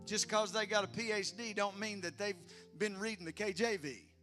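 A man preaching a sermon in a high, bright, forceful voice. He drives points home with emphatic bursts, then drops to near-hushed lines and chatty asides to the congregation, over faint music underneath. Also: steady tone, moderate pace. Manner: emphatic preaching with big swings from loud to hushed. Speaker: pastor.

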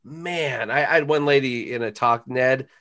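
A middle-aged man, a parenting author appearing as a podcast guest, telling a personal story in an animated, heartfelt way and often saying "man". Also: mid-range voice, normal speed.

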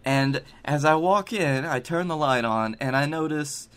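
A man's voice: fairly high pitch, a little slow, fairly bright tone, smooth. A young man co-hosting a podcast, telling stories in casual chat and swearing freely. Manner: storytelling, swearing, laughs often. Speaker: podcast co-host. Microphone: video call.

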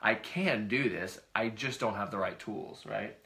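A man's voice: lowish voice, measured pace, creaky, pushed and bright. A middle-aged man co-hosting a casual talk show, rambling a little as he tells family stories. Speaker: podcast co-host. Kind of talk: casual conversation.

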